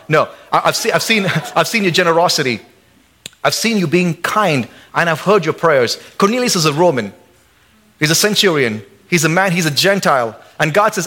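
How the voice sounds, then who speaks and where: A pastor preaching a lively sermon in church, acting out quotes and jokes. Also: male voice, on the high side, normal speed, pauses often. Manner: animated, acts out quotes and jokes.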